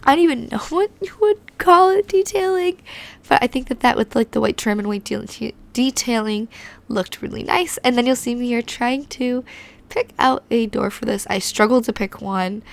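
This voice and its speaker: Hoarse gravelly woman narrating. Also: on the high side, moderate pace. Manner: chatty, rambling, frequent "like". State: hoarse, recovering from illness. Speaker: host. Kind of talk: casual voice-over narration. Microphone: home recording mic.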